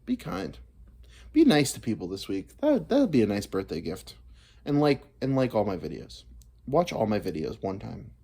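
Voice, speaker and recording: Low, lively man rambling. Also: moderate pace, creaky. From United States. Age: 30s. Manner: profane, meandering, self-deprecating. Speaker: vlogger. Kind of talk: rambling comic monologue.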